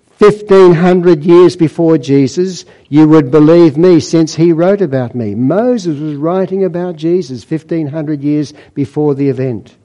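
Mellow-voiced man preaching a sermon. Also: fairly high pitch, low-quality recording. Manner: storytelling, quoting scripture with dramatic emphasis.

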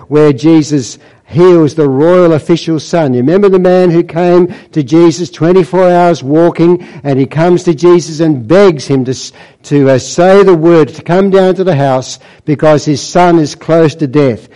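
Male preacher, slightly high, mellow voice, storytelling sermon delivery. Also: poor audio. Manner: storytelling, quoting scripture with dramatic emphasis.

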